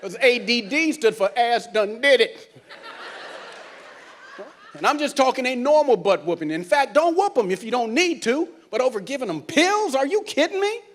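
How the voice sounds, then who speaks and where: A stand-up comedian with a very high voice, working a theater stage through a handheld mic. He tells his stories with animation and acts out family scenes, with faint hiss under his voice. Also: big pitch swings, moderate pace. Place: cruise ship theater stage.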